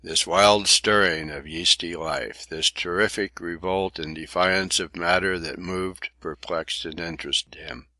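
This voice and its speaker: A male audiobook narrator reads a classic sea novel in a measured, literary way. His voice sits very low yet comes across bright and forceful, and the recording is dry and close. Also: fairly even intonation, no echo. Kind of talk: scripted narration.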